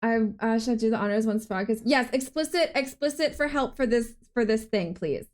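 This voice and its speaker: A young woman streams a game live and talks with her chat in a bright, excitable way. Her voice sits a little high, and she often breaks into sudden gasps while she plays. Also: brisk. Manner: excitable, gasping, chatting with viewers.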